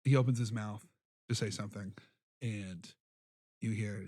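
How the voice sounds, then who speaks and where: A man narrating a tabletop game as game master, relaxed and descriptive. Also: fairly low pitch, measured pace, no room sound, studio quality.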